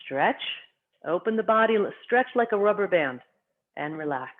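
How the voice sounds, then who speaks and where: Qigong instructor, calm breath cues, mid-pitched voice, thin phone-like audio. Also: moderate pace. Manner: calm, short spoken cues paced to the breath. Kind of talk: guided qigong class instruction. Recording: tinny phone-like sound.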